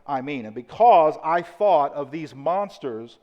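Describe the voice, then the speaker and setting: A man preaching a sermon as pastor, emphatic and repetitive, slowing down to stress key words. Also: fairly high pitch, lively intonation, lo-fi sound. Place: church auditorium. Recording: church hall with long reverb.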